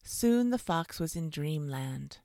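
A woman reading a bedtime storybook aloud in a cozy, expressive way. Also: low voice, takes it slowly, no room sound, studio quality.

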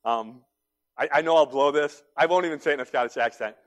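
A man preaching a sermon to his church, his slightly high voice swinging from quiet, intimate passages to loud, ringing climaxes. He talks straight to the congregation and leans hard on key phrases. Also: quick pace. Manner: preaching with big swings between hushed and loud. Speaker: pastor.

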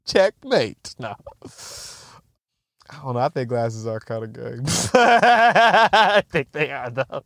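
A man's voice: medium pitch, slow pace, vocal fry, long pauses, no echo, studio quality. A young man in a casual rambling monologue, telling profane stories with frequent laughter. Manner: profane, laughing, animated storytelling.

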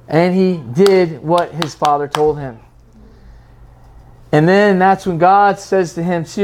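A preacher giving a sermon in an animated, rambling way, acting out quoted voices with frequent restarts. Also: mid-range voice, a little hiss or hum.

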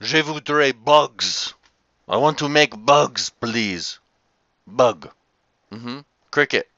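A stubborn young French chef who will not be talked out of his plans, as a man puts him on in a vlog anecdote. It is loud and insistent with a bright edge, and the recording sounds slightly dull and lo-fi. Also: medium pitch, animated, slow, no room sound, heavily acted.

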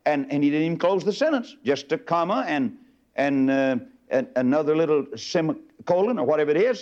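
A middle-aged preacher man giving a fiery sermon, swinging from booming declarations to low, confiding folksy asides. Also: animated, normal speed, a little mellow, lo-fi sound.

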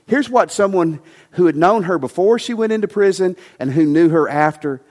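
Male pastor, sermon delivery, emphatic, a little high voice, reverberant sanctuary. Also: lively intonation, normal speed. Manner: emphatic, rising to passionate preaching then dropping soft. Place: church sanctuary.

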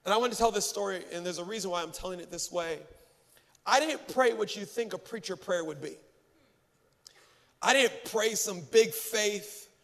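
A male pastor giving a sermon, telling stories in a lively way and poking fun at himself. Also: high-pitched, moderate pace, vocal fry, long reverb tail. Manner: animated storytelling, self-mocking humor.

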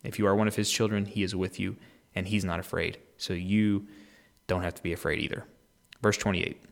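A man's voice: low-pitched, fairly even intonation, fairly quick, creaky. A man hosting a daily Bible podcast, explaining a passage in a conversational way and then praying aloud earnestly. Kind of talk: devotional Bible reading and prayer.

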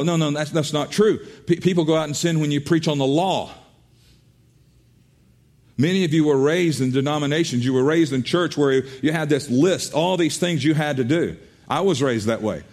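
A man's voice: a little high, a little mellow. A man preaching a sermon as pastor, earnest, often repeating and restarting his words.

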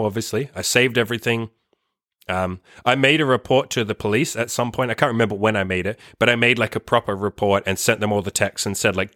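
Young male host, casual storytelling, bright tone, swears freely. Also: mid-range voice, dry recording, studio quality. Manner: animated, frequent swearing and fillers. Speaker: podcast host.

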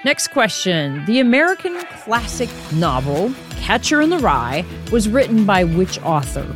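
A woman's voice: medium pitch, sing-song, unhurried, music in the background. A woman hosting a casual quiz podcast, chatting straight to the listener. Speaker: podcast host.

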